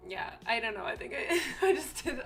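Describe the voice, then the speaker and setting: A chatty young woman talks on her live stream, giggling often and slipping into other people's voices as she tells stories. Her voice sits a little high, with soft music playing quietly behind her. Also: expressive, a little fast. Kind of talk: casual chat on a live stream.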